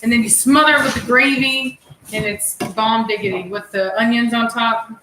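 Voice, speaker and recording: A woman's voice: a little high, fairly even intonation, moderate pace, roomy sound, noisy background. A woman with a Texan accent hosting a casual cooking chat at home, playful and teasing. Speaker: cooking channel host, mother. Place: home kitchen.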